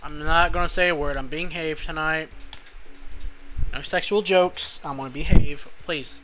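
High, bright-voiced cursing young gamer man. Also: fairly even intonation, moderate pace, soft background music. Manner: swearing, exasperated, talks to the game. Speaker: streamer. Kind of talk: live gaming stream commentary.

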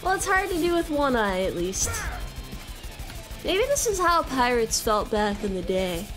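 A woman's voice: high-pitched, sing-song, measured pace. A woman streamer giving casual, jokey commentary while playing a video game, swearing, laughing and yelping in panic. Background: game music.

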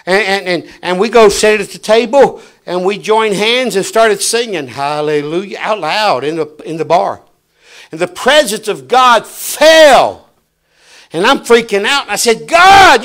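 A middle-aged man preaching a sermon, telling stories and swinging from hushed lines to shouts. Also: high voice, a little slow.

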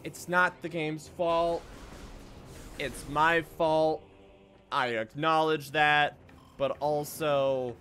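Slight background noise accompanies a man with a fairly high voice who talks very slowly and pauses often while streaming video games. His live commentary is excitable, full of swearing, and peppered with silly put-on voices.

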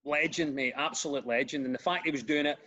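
A man with a Glaswegian accent, a comedian and radio presenter, telling stories in a casual podcast chat with lively restarts. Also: fairly high pitch, fast, lo-fi sound. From Glasgow, Scotland. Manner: animated storyteller with frequent restarts.

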